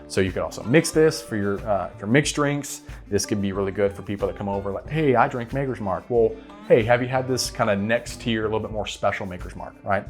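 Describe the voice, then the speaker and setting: A man's voice: on the low side, fairly quick. A man hosts a whiskey channel, giving casual bottle picks to camera and often asking "right?". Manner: relaxed, repeats words, says "right?" often. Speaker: whiskey reviewer and channel host. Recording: faint guitar music behind.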